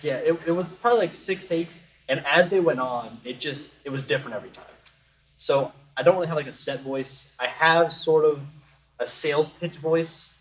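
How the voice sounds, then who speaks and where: A man's voice: a little high, normal speed. Man explaining casually in a roomy space. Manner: relaxed, rambling explanations. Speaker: tabletop game player. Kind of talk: casual chat. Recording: roomy and distant from mic.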